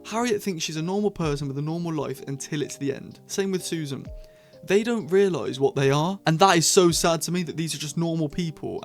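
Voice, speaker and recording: Chatty man reviewing a show. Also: a little high. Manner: chatty, excitable, quick asides. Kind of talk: casual review monologue.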